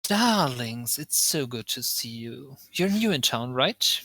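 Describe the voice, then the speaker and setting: A man's voice: mid-range voice, sing-song, slow pace, pushed and bright, dry recording, full character voice. A man voicing a gracious, fawning female tiefling innkeeper in a tabletop game.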